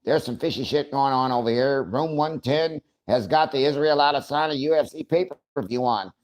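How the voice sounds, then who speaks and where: A man's voice: mid-range voice, normal speed, voice pushed up, lightly acted. A man voicing a flustered, suspicious hospital staffer who asks fussy, alarmed questions.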